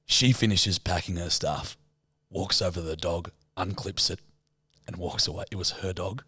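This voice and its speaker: A man's voice: low voice, moderate pace, sharp tone, husky. A man with an Australian accent, co-hosting a podcast and telling a story with lots of swearing. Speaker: podcast co-host. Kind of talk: casual chat.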